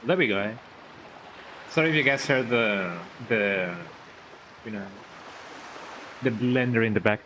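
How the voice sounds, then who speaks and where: A man's voice: mid-range voice, measured pace, pauses often, a bit bright, lo-fi sound, a little hiss or hum. A young man streaming a game, chatting in a playful, rambling way and tagging lines with "eh?". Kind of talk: casual gameplay commentary.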